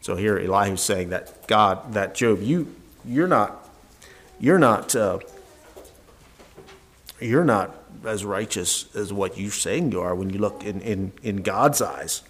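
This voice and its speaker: A man's voice: on the low side, lively intonation, slow pace. A man preaching a sermon, reading old-fashioned scripture verses aloud and then explaining them in plain words with frequent restarts.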